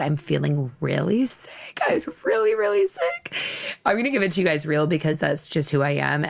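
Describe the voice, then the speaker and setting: A young woman hosts her own podcast with a low voice that often drops into a gravelly fry. She tells a personal story bluntly and theatrically, with plenty of laughter. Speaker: podcast host. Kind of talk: candid storytelling monologue.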